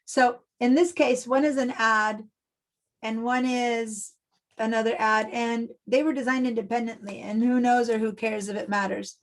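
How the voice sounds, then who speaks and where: A middle-aged Argentine woman teaches a design class over a video call, chatty and step-by-step with many fillers. Her voice is a little high and fairly even at a moderate pace, picked up roughly by a computer mic.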